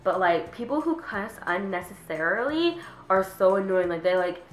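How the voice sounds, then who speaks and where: A teenage girl venting about her pet peeves in a casual vlog, chatty, with lots of "like", sometimes mimicking people in a higher voice. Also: big pitch swings, normal speed, roomy sound, poor audio. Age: teens. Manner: chatty, says "like" constantly, acts out quoted people in a higher voice. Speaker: vlogger.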